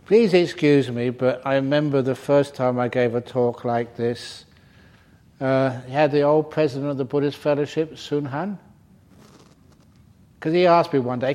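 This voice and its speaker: Older monk giving a jokey dharma talk, teasing the crowd, laughs a lot. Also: male voice, medium pitch, moderate pace, a little mellow. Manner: playful, teasing, laughs at his own stories. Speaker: Buddhist monk teacher. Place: retreat centre hall.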